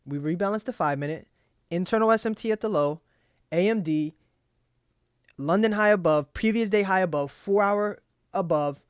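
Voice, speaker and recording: A man's voice: high-pitched, moderate pace, pauses often, clear, resonant tone, no echo, clean studio sound. A young man casually reviewing his trades aloud, cursing freely and talking himself through frustration. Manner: profane, frustrated self-talk, pep-talks himself. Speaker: trading journal host.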